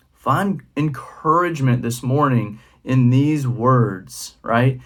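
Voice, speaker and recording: A man's voice: medium pitch, takes it slowly. Casual young male youth pastor. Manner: relaxed and conversational, with many fillers. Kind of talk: casual devotional talk.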